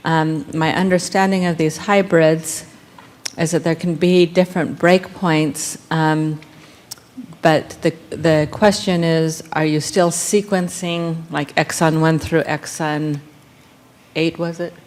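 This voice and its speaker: A panel member, a woman with a low voice, works her way through a technical question. She stops, restarts and fills the gaps as she goes. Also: level tone, darkish tone. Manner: halting, many fillers and restarts.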